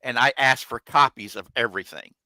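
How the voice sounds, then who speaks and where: A man's voice: medium pitch, a little fast, pushed and bright, no echo, low-quality recording. A man hosting a casual live chat, telling a long personal story in plain, salty language and acting out what others said. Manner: colloquial, swears freely, acts out quoted people. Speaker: podcast host.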